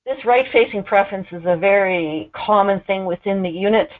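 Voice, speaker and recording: A woman giving an educational talk on newborn care, explaining gently and clearly, sometimes slowing to voice a baby's cues. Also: mid-range voice. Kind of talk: recorded educational presentation. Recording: tinny phone-like sound.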